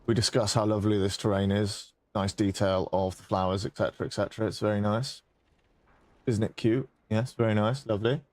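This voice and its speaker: A man's voice: on the low side, fairly even intonation, brisk, a little mellow, no room sound. A man streaming a game and chatting casually, rambling, swearing and mocking himself with bursts of laughter. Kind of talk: casual live-stream chat.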